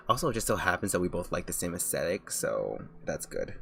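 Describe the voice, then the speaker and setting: A man's voice: sits low, sing-song, fairly quick, gravelly, fairly bright tone. A man streaming casually as a VTuber, gushing and rambling between apologies. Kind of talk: casual live-stream chat. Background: faint background music.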